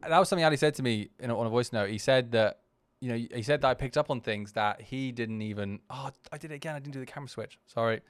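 A man's voice: mid-range voice, quick pace, hardly any pauses, no room sound. A man hosting a podcast, giving casual, candid commentary on his own video in a rambling way full of restarts. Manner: candid and self-deprecating. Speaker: podcast host.

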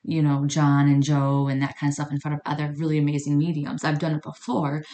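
A woman's voice: deep voice, fairly quick. A woman hosting a podcast, telling a personal story in a casual, chatty way and acting out the dialogue. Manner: chatty, animated, acts out quoted dialogue. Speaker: podcast host.

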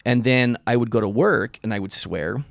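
A man's voice: medium pitch, normal speed, vocal fry, no echo, clean studio sound. A man in his thirties co-hosting a podcast, telling candid personal stories in casual chat and laughing often. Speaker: podcast co-host, husband.

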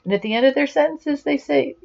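A woman's voice: sits high, gravelly, a little mellow. Woman coaching on dull lo-fi podcast audio. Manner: deliberate, instructive coaching delivery. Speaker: executive leadership coach. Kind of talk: podcast monologue.

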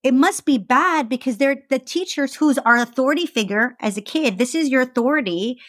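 A woman talking as a podcast guest and author, chatty and animated, with lots of fillers. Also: high voice, normal speed, no room sound, studio quality. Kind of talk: casual conversational interview.

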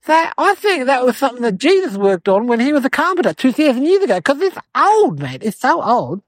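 A woman voicing an eight-year-old city boy, telling a rambling comedic story in a whiny, excitable way. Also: sits high, a little fast, no echo. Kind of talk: comedic character monologue.

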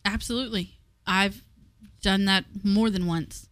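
A woman's voice: medium pitch, fairly even intonation, unhurried, fairly bright tone, dry recording. A woman co-hosting a faith-based parenting talk show, reading aloud from a book and frankly sharing her own parenting failures, with frequent "um" fillers. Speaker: co-host, parent.

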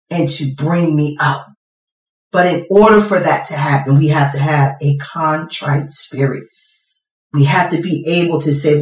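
A preacher delivering a sermon with emphatic repeated phrases, recorded from a distance in a hall. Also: mid-range voice. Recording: roomy echo, distant mic.

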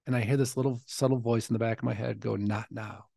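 A man's voice: mid-range voice, level tone, racing, vocal fry, warm tone, no room sound. Earnest man telling his story, dry sound. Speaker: podcast host. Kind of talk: personal storytelling monologue.

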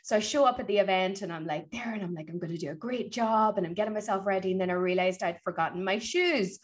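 A woman guest on an interview, coaching on public speaking and telling stories in an energetic, motivational way. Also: mid-range voice, quick pace. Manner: energetic, motivational, animated retelling. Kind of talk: conversational interview, storytelling.

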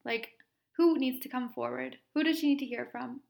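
A woman hosting a podcast, tearful and sniffling as she earnestly tells a story, laughing softly between phrases. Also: high voice, fairly even intonation, moderate pace, vocal fry. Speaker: podcast host and Reiki practitioner. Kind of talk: casual solo podcast storytelling.

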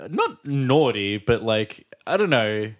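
A man's voice: medium pitch, sing-song, slow. A man co-hosting a casual podcast, rambling with lots of fillers and repeated words, joking along. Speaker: podcast co-host. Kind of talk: casual chat.

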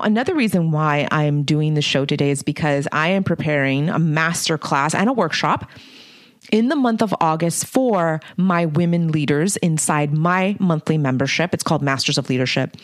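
Middle-aged woman host, lowish voice, frank casual monologue, dry close mic. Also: normal speed, no room sound. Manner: blunt, candid, mildly profane. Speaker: podcast host and leadership coach.

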